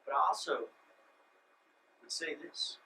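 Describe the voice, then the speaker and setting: A man preaching a sermon as a pastor, moving between loud emphatic lines and hushed whispers. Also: on the high side, takes it slowly, distant mic, noisy background. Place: church sanctuary.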